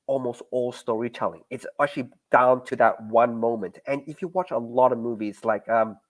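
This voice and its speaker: A man hosting a casual podcast chat, animated and laughing often. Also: mid-range voice, moderate pace. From Australia. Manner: animated, laughs often, breaks into mock voices. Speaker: podcast host. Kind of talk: casual chat about a TV series.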